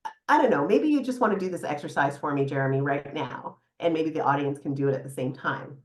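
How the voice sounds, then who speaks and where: A middle-aged woman psychotherapist speaks as a podcast guest in a fairly low voice. She talks in an animated, warm-humored way and laughs easily. The sound carries the echo of a live room. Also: quick pace. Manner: animated, laughs often, guides listener through exercise. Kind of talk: casual podcast interview. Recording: echoey room.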